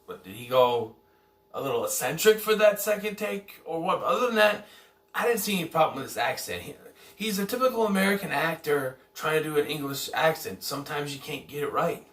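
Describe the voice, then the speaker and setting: A man's voice: a little high, animated, a little fast, a bit bright. A man giving a casual, rambling movie review, often correcting himself and unsure of details. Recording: echoey room, somewhat far from mic.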